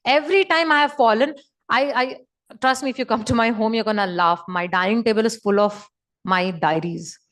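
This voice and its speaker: A woman's voice: fairly high pitch, normal speed, fairly bright tone. A woman giving an emphatic, repetitive motivational talk over a video call. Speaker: motivational speaker.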